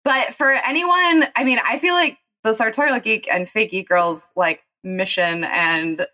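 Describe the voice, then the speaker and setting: Bubbly woman hosting a podcast. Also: on the low side. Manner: bubbly, giggly, excited. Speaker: podcast host. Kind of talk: casual interview chat.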